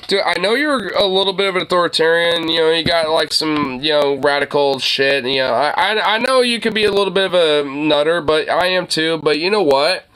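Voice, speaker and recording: A man's voice: a little high, a little fast, hardly any pauses, sharp tone, a little hiss or hum. A young man streaming, reacting to a video in a rambling, profane way with many stammered restarts. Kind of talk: casual reaction commentary.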